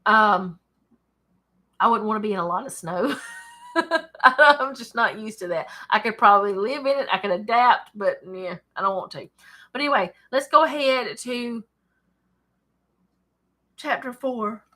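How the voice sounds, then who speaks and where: This Bible study host, a Southern-accented woman from Alabama, sits at her home desk reading scripture and chatting about it, frequently digressing and laughing. She speaks with a fairly high, expressive, sharp voice, a little slowly and with frequent pauses.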